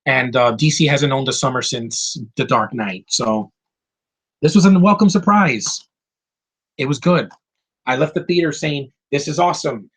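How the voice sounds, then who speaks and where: A man giving a casual, excitable film review, swearing freely and often restarting his sentences. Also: medium pitch, normal speed, breathy edge, low-quality recording. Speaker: movie reviewer.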